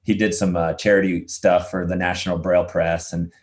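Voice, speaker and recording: Animated storytelling man with a low voice. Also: fairly quick. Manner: animated storyteller, acts out quoted voices, laughs easily. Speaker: podcast guest, adventurer. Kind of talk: casual storytelling interview.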